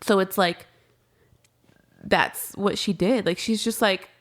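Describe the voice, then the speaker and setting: A woman's voice: mid-range voice, fairly even intonation, slow pace. A young adult woman as a podcast guest, talking candidly and casually about grief, swearing freely and trailing off into restarts.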